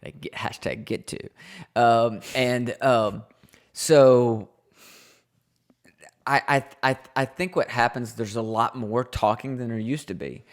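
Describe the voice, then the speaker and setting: A man's voice: medium pitch, fairly even intonation, slow pace. A man in his thirties co-hosting a podcast with his wife, talking earnestly in a loose, rambling way with many restarts. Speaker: podcast co-host. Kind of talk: casual podcast chat.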